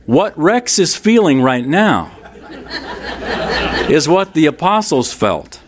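Emphatic male Bible teacher, lively pitch. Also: slow pace. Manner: emphatic, repeats key lines, addresses listeners directly. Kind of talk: sermon-style Bible teaching.

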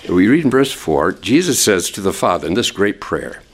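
Male preacher, lively rising and falling pitch, rhetorical questions, hushed low voice for quotes, sermon. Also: normal speed, a little hiss or hum. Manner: animated, drops low and soft for quoted words. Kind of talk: expository sermon.

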